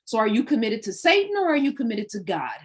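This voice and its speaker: A woman's voice: a little high, huge pitch swings, quick pace, breathy edge. A woman hosting a livestream, delivering a preachy monologue full of rhetorical questions. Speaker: livestream host.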